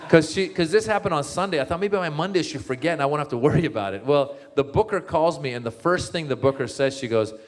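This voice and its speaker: A man, a comedian speaking as a guest, telling stories in a casual talk, full of restarts, fillers and sudden jumps in pitch when he acts out his own thoughts. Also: fast, few pauses. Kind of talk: storytelling talk.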